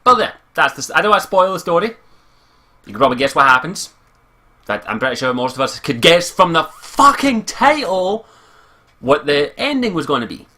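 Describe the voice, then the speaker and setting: A man's voice: a little high, sing-song, normal speed, sharp tone. A Scottish man ranting casually through an anime review, swearing often and sounding exasperated. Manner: profane, exasperated, rambling.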